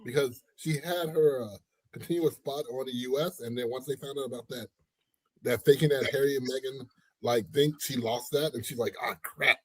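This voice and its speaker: A man co-hosting a casual gossip chat, drawling and laughing loudly. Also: medium pitch, moderate pace, husky, no room sound, poor audio. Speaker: co-host.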